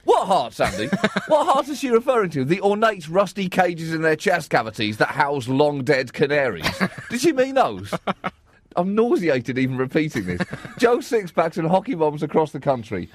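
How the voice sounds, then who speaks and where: A man's voice: on the high side, big pitch swings, normal speed. A man co-hosting a satirical comedy show, sardonic and often laughing at his own jokes. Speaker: comedy co-host.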